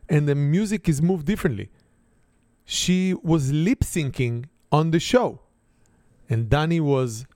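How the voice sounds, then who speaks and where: A man with an Israeli accent spins an animated family story, his grammar simple and a little broken. His voice is warm and mellow. It is recorded close and dry, with no room sound. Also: on the high side, no echo.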